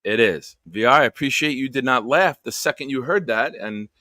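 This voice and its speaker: Male stream host, bright tone, dry close mic, playful roll-call delivery. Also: medium pitch, normal speed, dry recording. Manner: jokey, upbeat roll call of viewers. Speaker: show host. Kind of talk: casual live-stream chat.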